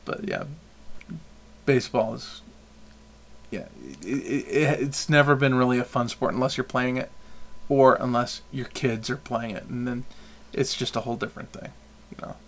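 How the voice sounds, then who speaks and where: A man's voice: medium pitch, normal speed, a bit bright. A man hosting a podcast, chatting casually and rambling through opinions with frequent restarts. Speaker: podcast host. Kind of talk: casual chat.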